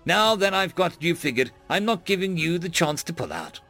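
A man's voice: sits high, very animated, moderate pace, pushed and bright, faint music behind, voice pushed up, heavily acted. A man voicing an assured, firm female alien diplomat.

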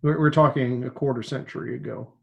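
A man's voice: mid-range voice, steady tone, brisk, vocal fry, lo-fi sound. A man co-hosting a casual podcast chat, making wry joking asides. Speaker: podcast co-host. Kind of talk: casual chat about old TV.

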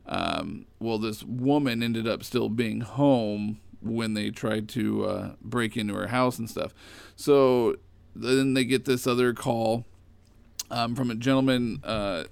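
A man casually retelling old comic stories in a rambling, animated way. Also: on the low side, creaky, no echo. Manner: rambling, animated storytelling with fillers.

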